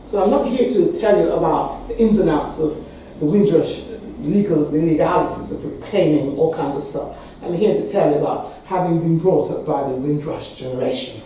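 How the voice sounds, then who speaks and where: Speaking to a meeting, this English-accented parish priest in her sixties is frank and wryly funny, laughing often. Her low, warm voice moves at normal speed with few pauses. The recording picks her up at a distance in a reverberant hall, with a little background noise.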